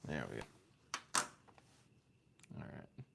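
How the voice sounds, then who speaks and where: A man streaming from home, chatting casually in a rambling, hesitant way with lots of ums and restarts. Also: slow. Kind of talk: casual chat. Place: home room with fan and lights.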